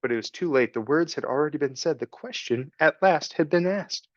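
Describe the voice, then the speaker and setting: A man narrating a children's storybook in slow, measured tones. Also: a little high, animated, dry recording, highs cut off. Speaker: audiobook reader.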